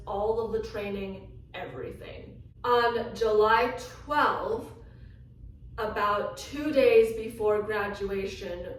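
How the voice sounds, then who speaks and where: A woman vlogger telling a personal story in an animated way, acting out the lines she quotes. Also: medium pitch, slight background noise. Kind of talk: storytelling vlog. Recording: echoey room from a distance, faint ambience.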